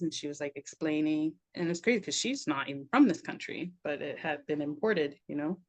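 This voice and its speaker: Middle-aged female guest, lower voice, easygoing and reflective, frequent laughs; audio a bit muffled. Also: lively intonation, fairly quick, hardly any pauses, darkish tone. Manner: loose and reflective, laughs often, many "like"s. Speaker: podcast guest, somatic practitioner. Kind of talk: casual reflective conversation.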